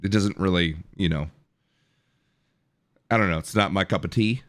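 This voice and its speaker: A man's voice: sits low, normal speed, fairly bright tone. A man in his thirties hosting a live stream, chatting casually, joking and thanking viewers from chat. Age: 30s. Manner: chatty, jokey, reads out chat and thanks subscribers. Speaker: livestream host.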